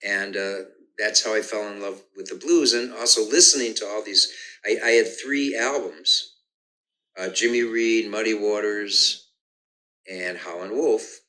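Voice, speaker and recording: An older man talks through his musical start in an easy conversational way, breaking off to hum rhythms and restarting his sentences. His voice sits low yet comes across bright and forceful. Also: fairly even intonation, measured pace, poor audio. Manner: hums and sings rhythms aloud to explain, frequent restarts. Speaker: guest musician. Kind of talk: relaxed conversational storytelling.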